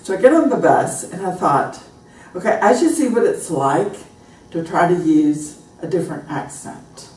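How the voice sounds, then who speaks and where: A woman's voice: fairly low pitch, normal speed, far from the mic. An American woman teaching a pronunciation class, telling anecdotes and acting out example phrases. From United States. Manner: animated storytelling, acts out example phrases. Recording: echoey room, recorded from afar.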